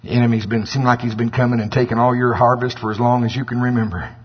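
A man preaching a sermon, animated and acting out scripture voices, with a husky voice. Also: medium pitch, fast. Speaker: pastor. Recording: dull lo-fi with long hall reverb.

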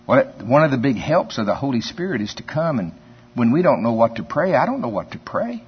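A man's voice: mid-range voice, big pitch swings, brisk, breathy edge. A man preaching a sermon in a folksy, conversational way, telling stories and chuckling often. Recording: dull lo-fi sermon recording.

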